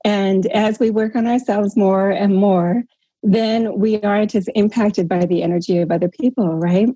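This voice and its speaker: A woman's voice: mid-range voice, fairly even intonation, normal speed, mellow, breathy edge, no echo. A woman leading a group call, coaching in an encouraging, casual way and often checking in with "right?". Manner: encouraging, tags points with "right?". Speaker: workshop leader on a group call. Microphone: call audio.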